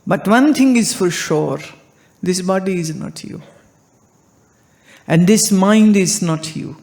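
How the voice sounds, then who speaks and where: Slow-spoken woman spiritual teacher. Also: lowish voice, darkish tone. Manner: deliberate, anecdotal, rhetorical questions. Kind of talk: spiritual discourse.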